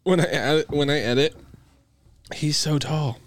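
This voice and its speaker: A man's voice: a little high, moderate pace. A man hosting a podcast, chatting casually and joking with his co-hosts, swearing freely. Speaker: podcast host. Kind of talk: casual chat.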